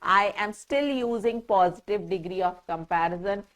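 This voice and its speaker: Speaking at normal speed with medium pitch, a woman with an Indian English accent teaches grammar. She spells words letter by letter with patience and keeps confirming comprehension with "right?"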